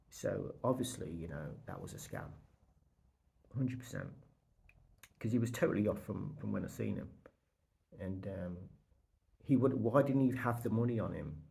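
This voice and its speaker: A British man telling a story to his vlog audience in a casual, rambling way, repeating himself and quoting others in lively bursts. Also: low voice, moderate pace, gravelly, long pauses. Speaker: vlogger.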